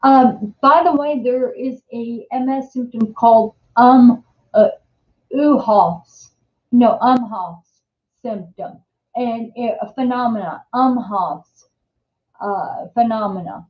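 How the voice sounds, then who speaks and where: An older woman with a New Jersey accent hosts a casual live-stream chat, rambling and chatty with many restarts. Her voice is fairly high and slow, recorded in an echoey room with dull lo-fi sound.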